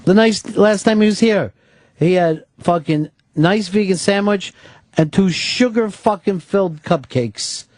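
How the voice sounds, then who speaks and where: A middle-aged man hosting a radio show loses his temper with a caller, cursing and berating him in a furious on-air rant. His voice is high and darkish, a little slow, recorded on a studio mic with no echo.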